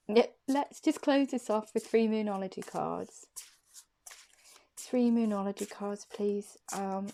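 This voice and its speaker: Gravelly-voiced woman reading tarot cards. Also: mid-range voice, dark tone, slight background noise. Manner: soothing and reassuring, often repeats her phrases and questions. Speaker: intuitive tarot card reader. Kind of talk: casual spoken card reading to camera.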